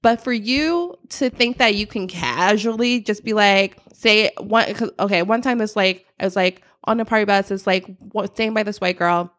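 A woman's voice: medium pitch, moderate pace, hardly any pauses, a bit bright. A young adult woman co-hosting a podcast, talking candidly and profanely, full of "like" fillers. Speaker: podcast co-host. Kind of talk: casual chat.

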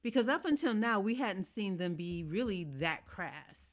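A woman's voice: medium pitch, expressive, normal speed. A woman hosting a podcast, chatting casually with friends, laughing often and restarting her sentences. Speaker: podcast host. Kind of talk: casual chat.

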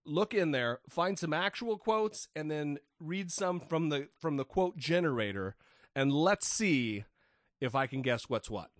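A man's voice: a little high, animated, measured pace, no room sound, studio quality. A man co-hosting a casual skeptic podcast, joking and swearing, often stumbling and restarting his words. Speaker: podcast co-host.

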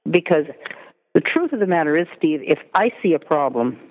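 A woman's voice: low voice, lively intonation, moderate pace. Woman guest, chatty and conversational, heard over a thin phone line with a long reverb tail. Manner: chatty, peppered with "you know" and "I mean". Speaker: literary agent guest. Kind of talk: casual interview talk.

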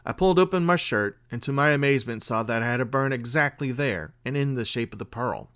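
A man hosting a podcast and reading a spooky tale aloud in a measured, dramatic way. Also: mid-range voice, expressive, fairly bright tone, clean tone. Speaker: podcast host and story reader. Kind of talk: scripted story narration.

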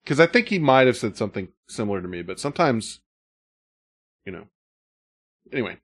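A man's voice: mid-range voice, very animated, brisk, no echo, clean studio sound. A man hosting a podcast, chatting casually, laughing often and reading listener letters aloud. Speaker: podcast host.

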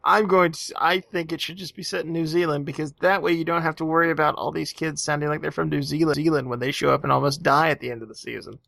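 A man's voice: fairly high pitch, steady tone, quick pace, gravelly, few pauses, a bit bright, dry recording. A man co-hosting a podcast in casual chat, sarcastic and profane. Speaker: podcast co-host.

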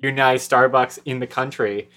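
A man's voice: mid-range voice, fairly even intonation, normal speed, a bit bright. A man from Buffalo, New York co-hosting a podcast in casual chat, rambling and hesitant with fillers. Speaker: podcast co-host.

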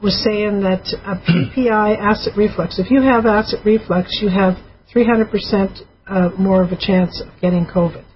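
A woman's voice: mid-range voice, fairly even intonation, normal speed. A woman co-hosting a radio health show, chatting and passing on callers' questions. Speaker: radio co-host. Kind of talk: casual radio talk. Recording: dull lo-fi radio audio with faint noise.

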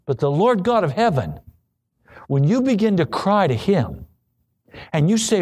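A man preaching a sermon, acting out pleading prayers and quoted voices, then dropping low for repeated refrains. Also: big pitch swings, moderate pace, a little mellow.

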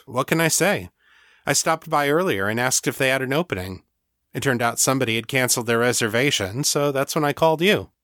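A man voicing a playful, smooth-talking male psychologist in an audiobook. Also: medium pitch, expressive, a little fast, fairly bright tone, no room sound, studio quality, pitched above the performer's own voice, natural voice.

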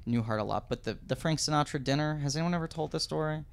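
A man in his thirties, a podcast guest telling an anecdote in casual chat, animated and digressive. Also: on the high side, quick pace, gravelly, a little hiss or hum. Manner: animated, digressive storyteller, does voices.

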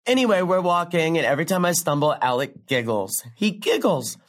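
A sardonic, profane young comic. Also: female voice, very animated, brisk. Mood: wry. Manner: rambling, sardonic, profane, big pitch swings. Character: brash young woman comic telling a profane story. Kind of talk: stand-up comedy monologue in a drama.

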